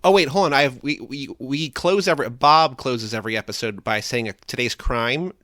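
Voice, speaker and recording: A man's voice: medium pitch, a little fast, fairly bright tone. A man co-hosting a podcast in casual chat, wry and steering the wrap-up. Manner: wry, wraps up the show. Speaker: podcast co-host.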